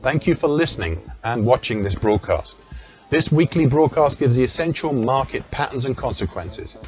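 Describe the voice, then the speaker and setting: A man reading scripted market commentary as an analyst, measured and precise, with small self-corrections. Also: medium pitch, lively intonation. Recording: dull lo-fi recording with faint music.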